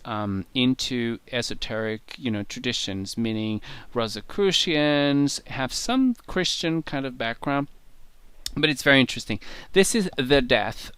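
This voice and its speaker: A man's voice: medium pitch, a bit bright, clean tone, dry recording. A man being interviewed as a guest tarot reader, explaining his decks in an enthusiastic, rambling way. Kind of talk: conversational show-and-tell interview.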